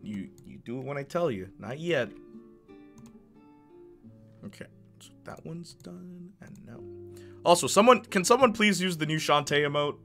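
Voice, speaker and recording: A man's voice: a little high, expressive, moderate pace, creaky, pauses often, a bit bright, faint music behind. A man streaming live, chatting casually and reading his chat aloud with sarcastic, joking banter.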